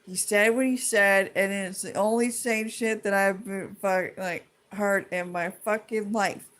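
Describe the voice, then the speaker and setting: A woman's voice: medium pitch, steady tone, a little slow, fairly bright tone. A woman ranting to her viewers in a heated, profane, rambling way, full of restarts and trailing thoughts. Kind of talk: casual rant to camera.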